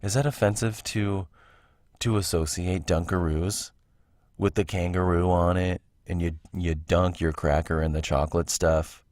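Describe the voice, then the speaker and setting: A man's voice: sits low, fairly even intonation, measured pace, darkish tone, no echo. A man hosting a casual solo podcast from home, rambling, interrupting himself and laughing at his own tangents. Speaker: podcast host. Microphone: home recording mic.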